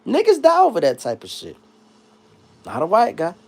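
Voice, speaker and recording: Animated man ranting on a livestream. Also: moderate pace. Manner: animated, swinging between loud high bursts and low mutters. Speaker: livestream host reading chat comments. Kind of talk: casual comedic livestream rant.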